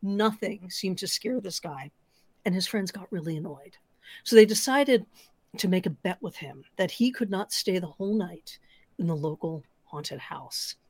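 A woman's voice: on the low side, expressive, normal speed, no echo. A woman storyteller telling spooky stories on a podcast, building suspense and dropping to whispers. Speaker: storyteller guest.

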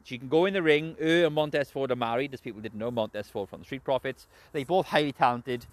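Mężczyzna z brytyjskim akcentem, który luźno i chaotycznie omawia wrestling, dużo przeklina i często się śmieje. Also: male voice, mid-range voice, fast talker, no room sound. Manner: heavy swearing, rambling, laughs often. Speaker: wrestling show reviewer. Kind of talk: casual spoken recap and opinion.

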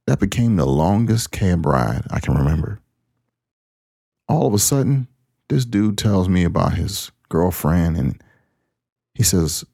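Deep raspy guy spinning a story for his podcast, dry close sound. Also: a little slow, long pauses, no echo. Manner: animated storyteller, acts out dialogue. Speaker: podcast host. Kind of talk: casual storytelling.

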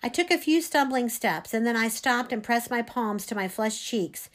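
A woman reading a first-person story aloud, expressive. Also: fairly high pitch, normal speed, few pauses. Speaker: reader.

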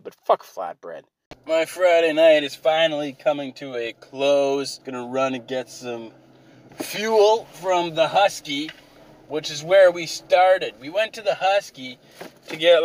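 A man's voice: fairly high pitch, rough recording. A tired man telling rambling, profane stories about old jobs, from a car. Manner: profane, rambling, self-deprecating. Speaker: vlogger. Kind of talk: rambling storytelling.

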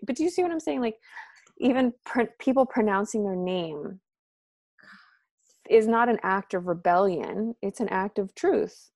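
A woman talking casually as a podcast guest, animated and full of "like" and "um", acting out what her friends said. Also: fairly quick, gravelly, no room sound, studio quality. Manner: animated, acts out quoted friends with pitch jumps; filler-heavy, frequent "like" and "um". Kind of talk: casual conversation.

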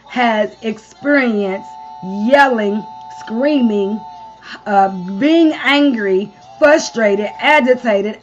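Brief woman preacher, slightly high, lo-fi stream. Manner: call-and-response preaching with frequent amens and long spoken lists. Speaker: preacher leading a live-streamed devotion. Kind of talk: sermon.

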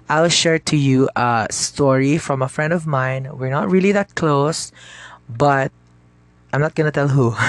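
A man's voice: medium pitch, dry recording. A man with a Cebuano accent hosting a podcast, talking to listeners in a chatty, casual way and mixing Cebuano into his English. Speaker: podcast host.

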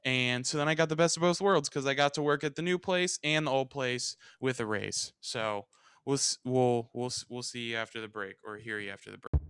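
A young man hosting a podcast, telling a long, animated workplace story in a casual chat and acting out what people said. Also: medium pitch, fairly quick, smooth, dry recording. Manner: animated, rambling storyteller who acts out quotes and swears freely. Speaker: podcast host.

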